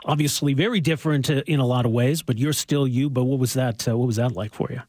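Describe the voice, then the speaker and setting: A man hosting a radio interview, asking lively, friendly questions. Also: mid-range voice, fast, no room sound. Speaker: radio host.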